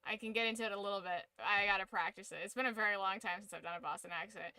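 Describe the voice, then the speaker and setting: A woman's voice: mid-range voice, fairly even intonation, very fast, sharp tone, clean tone, no echo. A woman streaming a game, chatting casually with rambling, joking, opinionated asides. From United States. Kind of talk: casual chat while gaming on stream.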